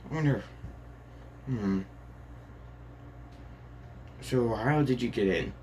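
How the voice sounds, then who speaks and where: A man voicing a calm, polite schoolgirl. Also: medium pitch, slow pace, slight background noise, close to an everyday voice. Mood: curious. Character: polite, composed teenage girl student.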